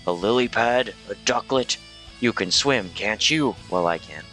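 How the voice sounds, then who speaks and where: A man's voice: on the low side, measured pace, bright, forceful tone, faint music behind, rough recording. A man doing a nervous young woman student. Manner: nervous, stammering. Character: timid young woman student, afraid of water.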